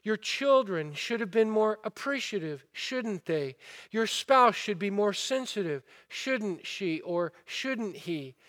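A man delivers a sermon in a strikingly high voice. He speaks slowly and deliberately, pressing the listeners with rhetorical questions as he retells a parable with mounting fervor. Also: animated, a bit bright. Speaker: pastor.

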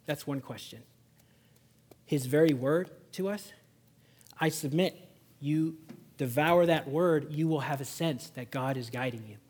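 A man with a high, husky voice preaches a Sunday sermon in church. He swings from loud, urgent exhortation to hushed, close emphasis on the points that matter most. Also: a little slow, long pauses. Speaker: pastor. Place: church service.

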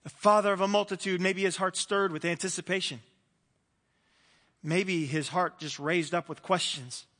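High, bright-voiced preaching man. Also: steady tone, normal speed, in a large hall. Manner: earnest, questioning preacher. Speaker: pastor. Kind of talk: sermon. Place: church hall.

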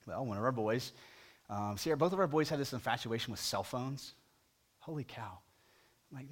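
Male pastor with a mid-range voice, telling a sermon story, conversational and animated, dropping to a hush. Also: medium pitch, moderate pace, pauses often. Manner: animated, swings between loud emphasis and soft hush; conversational, asks the congregation questions.

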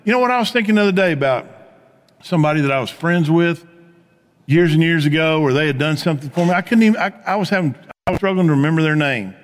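A man preaching a sermon as pastor, telling stories in a conversational way and dropping to a hush on key points. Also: on the high side, fast, in a large hall. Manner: conversational storytelling preacher, swings from animated to hushed.

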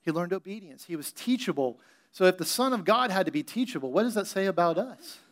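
A male pastor preaches a sermon. He talks conversationally and slips into little acted voices for the scenes he retells. His voice sits a touch high for a man. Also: animated, brisk, a bit bright.

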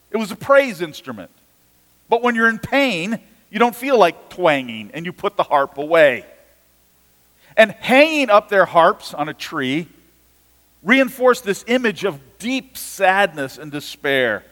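A man's voice: sits high, fairly bright tone, big-room sound. A man preaching an earnest sermon as a pastor, often repeating and restarting his words.

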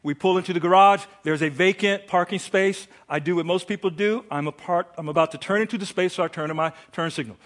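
A middle-aged man preaching a sermon, telling a story with big swings from hushed asides to shouted lines. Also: sits high, fast talker, few pauses. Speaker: pastor.

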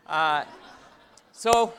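A man preaching with a bright, clear, resonant voice, a little higher than most men. He tells stories with lively energy, then eases into slow, quiet reflection. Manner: storytelling, animated, then slow and hushed for reflection. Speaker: pastor. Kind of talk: sermon.

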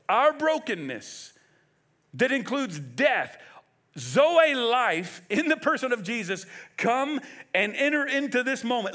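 A man preaching a sermon as pastor, emphatic and animated, firing off rhetorical questions. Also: high-pitched.

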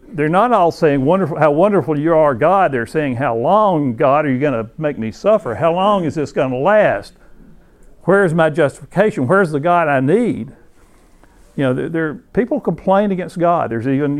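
Guy teaching a bible class, slightly high voice, loose and chatty, lots of "you know", reads verses aloud. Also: darkish tone. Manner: conversational, many restarts and "you know"; reads scripture passages aloud.

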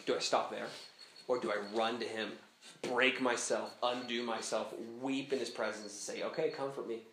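A man's voice: mid-range voice, flat delivery, normal speed, a bit bright, slight background noise. A man preaching a sermon as pastor at a camp gathering, talking casually and animatedly, often laughing as he goes. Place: camp meeting hall. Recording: echoey hall.

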